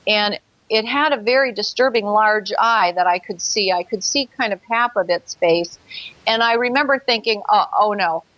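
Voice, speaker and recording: A woman's voice: medium pitch, normal speed, a bit bright, no room sound. Woman, earnest interview storyteller, dry close sound, slightly dull recording. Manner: earnest storytelling, acts out her own past thoughts. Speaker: guest telling her experience. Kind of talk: personal account in an interview.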